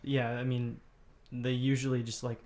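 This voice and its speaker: Dry-witted man, mid pitch. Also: little pitch movement, normal speed, darkish tone. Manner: dry, wry quips. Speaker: podcast co-host. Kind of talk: casual chat.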